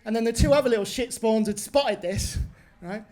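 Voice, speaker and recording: A woman in her twenties performs a sweary stand-up set at a pub, her voice on the high side with a dark tone and normal speed. She rants and tags her lines with "right?".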